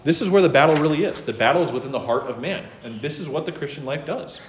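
A man's voice: fairly high pitch, expressive, fast, a little hiss or hum. A man giving an earnest, conversational religious teaching talk to a class, with asides and self-corrections. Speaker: teacher of a class on spiritual life. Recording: roomy, dull lo-fi room recording.

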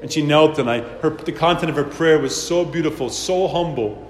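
A man preaching a sermon, retelling a saint's life with dramatic storytelling that swings between loud emphasis and hushed lines. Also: a little high, a little fast, reverberant, in a large hall, a little hiss or hum.

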